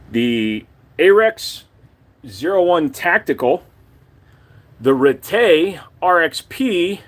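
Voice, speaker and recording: A man hosting a casual live stream, joking crudely and swearing as he shows off his collection and talks to chat. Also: medium pitch.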